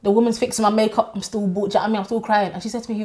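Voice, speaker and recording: A woman's voice: mid-range voice, fairly even intonation, warm tone. Candid woman sharing heartbreak. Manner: emotional, confessional, quick to laugh. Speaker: podcast co-host. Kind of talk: candid personal storytelling.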